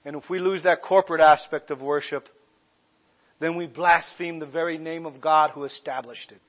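High-voiced pastor preaching emphatically. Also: male voice, steady tone, dull audio. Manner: emphatic preaching with slow stressed phrases. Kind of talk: sermon.

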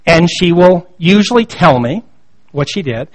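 This thirty-something pastor shares stories from his home life during a sermon, keeping it conversational and poking fun at himself. He speaks at a fairly high pitch, animated yet at a measured pace.

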